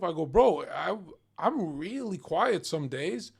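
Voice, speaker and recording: A young man ranting through a livestream reaction. His voice sits a little high for a man. He talks in a crude, mocking way and swears constantly. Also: animated, normal speed, gravelly, breathy edge.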